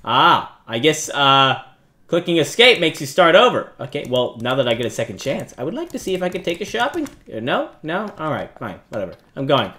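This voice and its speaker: Lively young man joking through a horror game. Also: a little high, fairly quick. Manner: jokey, self-mocking, yelps and shouts at scares. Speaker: gaming YouTuber. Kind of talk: let's-play commentary.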